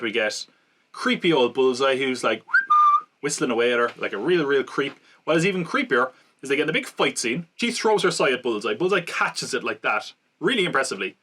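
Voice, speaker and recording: Bright-voiced man recapping a film. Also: medium pitch. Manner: rambling plot recap with self-corrections and fillers. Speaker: podcast co-host. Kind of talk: casual film-review chat.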